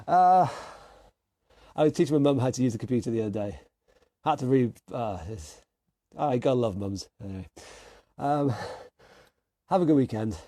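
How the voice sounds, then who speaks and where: A man with a British accent coaching an online workout class, calling out moves and countdowns with energetic encouragement. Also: medium pitch, no echo. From United Kingdom. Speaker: fitness instructor.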